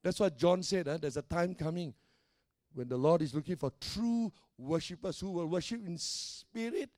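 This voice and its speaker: A middle-aged male pastor preaching with a high, ringing voice that rises and drops for emphasis. His delivery is emphatic, punctuated by quick checks with the congregation, and the sound is dry and close with almost no room echo. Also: darkish tone. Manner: emphatic preaching with call-and-response tags. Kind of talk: sermon.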